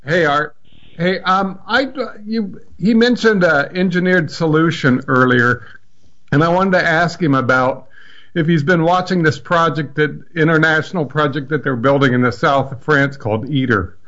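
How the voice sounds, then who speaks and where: A man calls in to a radio show, asking his question in a halting, eager way. His voice sits a little higher than most men's. The call audio is slightly dull. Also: a bit bright. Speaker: caller.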